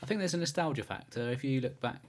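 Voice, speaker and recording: A British man co-hosting a podcast, speaking in a measured way with frequent short agreements. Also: mid-range voice, lively intonation. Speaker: podcast co-host. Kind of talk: casual chat.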